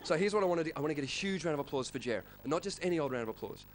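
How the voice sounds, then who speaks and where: A man with an Australian accent doing an energetic stand-up routine, working the crowd and shouting impressions. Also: a little high, racing. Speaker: stand-up comedian. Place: comedy club stage. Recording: live comedy club with crowd and noise.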